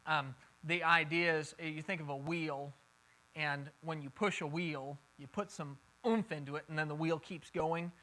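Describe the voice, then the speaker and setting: A man's voice: on the high side, steady tone, normal speed, pushed and bright, rough recording. A man preaching a Bible lesson in a conversational way, often repeating words as he thinks and taking questions from his listeners. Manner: takes questions from the group. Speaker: pastor teaching a Bible study. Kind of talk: sermon.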